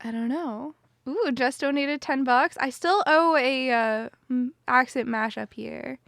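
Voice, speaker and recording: Bright high-voiced young woman streamer. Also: measured pace, creaky, no echo, studio quality. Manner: chatty, upbeat, says "dude" a lot. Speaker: livestreamer hosting a charity event. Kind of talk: casual livestream chat.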